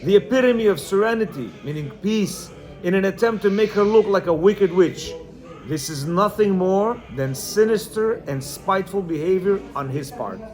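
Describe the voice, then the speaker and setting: High-voiced man teaching a class. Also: lively intonation, normal speed, a little mellow. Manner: reads a passage, then explains it in plain words; often checks in with listeners. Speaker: religious teacher. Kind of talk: teaching a class, reading from a book and explaining.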